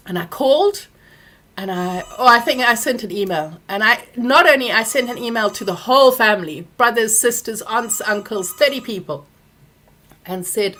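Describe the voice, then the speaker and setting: A woman, hosting a live Q&A and telling a personal story, animated when she acts out what others said. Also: fairly high pitch, normal speed. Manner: animated when acting out quoted people. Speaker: workshop host answering questions.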